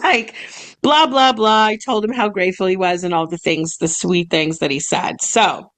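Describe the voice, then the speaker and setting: Bubbly and often laughing, a young podcast co-host who runs a massage business reads emails aloud during casual chat. She speaks at normal speed in a mid-range, fairly bright voice.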